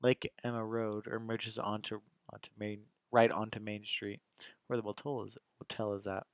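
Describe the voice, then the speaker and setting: A young man narrates a visual novel in the first person, in a fairly low voice. He reads casually, tripping over words and restarting lines as he goes. The sound is dry and close to the mic. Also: level tone, moderate pace, dry recording. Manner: casual, stumbling reading with restarts. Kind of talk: amateur visual novel reading.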